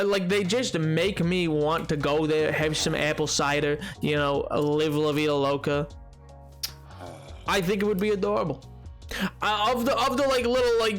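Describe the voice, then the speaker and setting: A young man streaming a game, chatting casually, joking and rambling, and greeting viewers with excited shouts as he reads chat. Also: high voice. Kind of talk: casual livestream chat, reading chat aloud.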